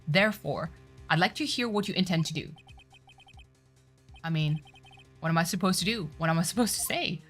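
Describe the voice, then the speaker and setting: A woman's voice: on the low side, expressive, moderate pace, long pauses, fairly bright tone. A woman streamer reading a courtroom game's script aloud, doing every character in turn and dropping swearing asides of her own. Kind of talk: voicing a game's script, reading all parts. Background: faint music.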